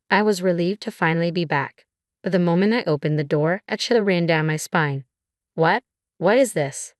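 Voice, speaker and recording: Woman narrator, low pitch, dry close recording, measured scripted storytelling. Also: no echo.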